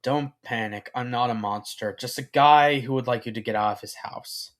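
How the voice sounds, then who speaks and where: A man's voice: mid-range voice, normal speed, natural voice. A man voicing a tired, grumpy young man in a fan-written story, talking in a dry, exasperated way. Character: weary grumpy young man hiding in a cave.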